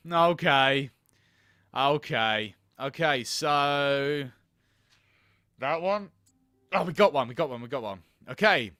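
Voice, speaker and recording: A man's voice: mid-range voice, expressive, unhurried, pushed and bright, no room sound, clean studio sound. A man playing a video game on camera, swearing, laughing and thinking aloud as he plays. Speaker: gaming video host. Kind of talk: let's play commentary.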